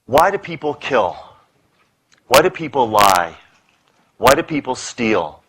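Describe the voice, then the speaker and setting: A middle-aged man giving a public lecture on stress, an animated storyteller who rattles off punchy lists and playful asides. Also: medium pitch, slow pace, husky, low-quality recording. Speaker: speaker on stress. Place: lecture hall with audience.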